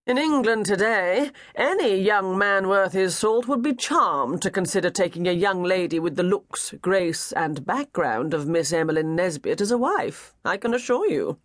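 A man voicing a courteous, flattering English gentleman gambler. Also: high-pitched, normal speed, hardly any pauses, dry recording, clean studio sound. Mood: polite.

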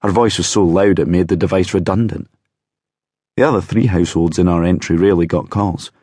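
A man reads a novel aloud in the first person with a low, slightly husky voice. His narration is measured with a wry edge, and the recording is close and dry. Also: a little mellow, no echo. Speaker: audiobook narrator.

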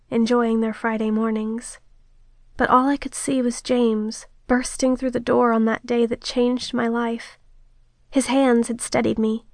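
In a dry, close recording with no surrounding room, a female narrator reads a first-person romance audiobook. Her fairly high voice stays steady and intimate.

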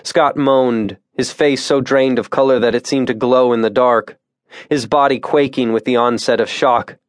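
Tense, measured male audiobook narrator. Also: medium pitch, fairly even intonation, dry recording, clean studio sound. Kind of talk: scripted narration. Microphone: close studio mic.

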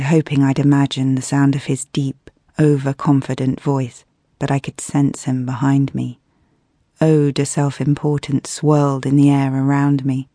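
A British woman reading a first-person romance audiobook in a wry, expressive storytelling manner. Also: deep voice, no echo, clean studio sound. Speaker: audiobook narrator.

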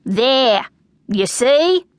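Aussie woman doing cranky older magpie kids, smug told-you-so tone, a bit higher and louder. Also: sing-song, very slow, smooth, no echo, heavily acted. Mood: grumpy smug. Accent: Australian. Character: grumpy older magpie siblings, know-it-all.

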